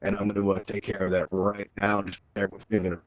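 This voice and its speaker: A man's voice: fairly low pitch, monotone, fast, no echo. A man giving a chatty live tech presentation in virtual reality, often tagging sentences with "right?", speaking through a headset mic. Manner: chatty, tag questions "right?".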